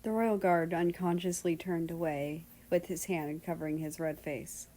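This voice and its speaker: A woman narrates a fan fiction story in an even, storytelling voice. Her pitch sits low for a woman and stays steady. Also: moderate pace, low-quality recording. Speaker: story reader. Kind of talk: reading fan fiction aloud.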